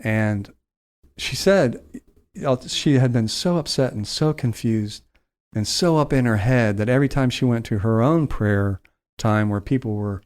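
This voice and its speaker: A man telling a heartfelt story on a podcast, slowing and softening his voice at its emotional points. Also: mid-range voice. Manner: slows down and softens for emotional moments.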